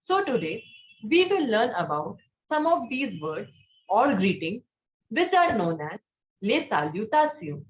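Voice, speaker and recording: Lively echoey woman teaching French. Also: a little high, measured pace. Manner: patient, asks learners to repeat after her. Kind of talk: language lesson. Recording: echoey room, dull lo-fi sound.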